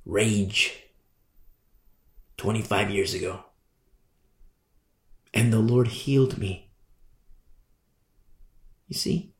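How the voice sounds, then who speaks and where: A middle-aged man preaching a sermon as pastor, animated and repetitive, with many asides. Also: lowish voice, takes it slowly, long pauses, roomy sound.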